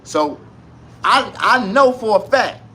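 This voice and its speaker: Loud crude man ranting to camera. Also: high voice, takes it slowly. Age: 40s. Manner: loud, crude, animated street slang. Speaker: vlogger. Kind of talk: casual comedic rant to camera.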